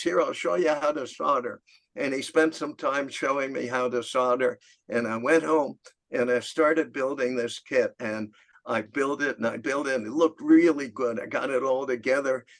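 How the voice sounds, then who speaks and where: Older man, video call, storytelling, laughs a lot, acts out voices, slightly raised pitch, gravelly. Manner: animated anecdote, laughing often, acts out voices. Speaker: club member giving a talk. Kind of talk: storytelling talk.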